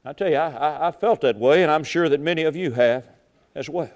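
A middle-aged man preaching a sermon, swinging from loud, fervent lines to hushed ones and repeating his phrases. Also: on the high side, a little fast, lo-fi sound. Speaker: pastor.

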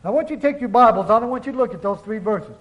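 A man preaching a sermon, reading scripture aloud and stressing key words slowly, calling the congregation brethren. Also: high voice, lively intonation, a bit bright, rough recording.

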